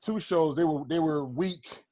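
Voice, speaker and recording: A man's voice: fairly high pitch, unhurried, dark tone, no room sound. A man, a comedian, telling a story in casual chat over a video call, swearing freely and acting out the quotes. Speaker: stand-up comedian, guest.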